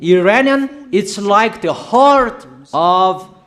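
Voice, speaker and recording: Slow, emphatic man preaching prophecies. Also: high-pitched, expressive, a bit bright. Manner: declaiming, emphatic, repeats warnings, halting fillers. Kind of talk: prophetic sermon.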